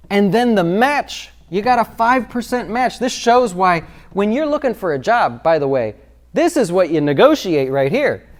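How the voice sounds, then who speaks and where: A man's voice: sits high, darkish tone. A man working as a financial advisor, explaining retirement savings in a conversational video talk and asking his viewers rhetorical questions.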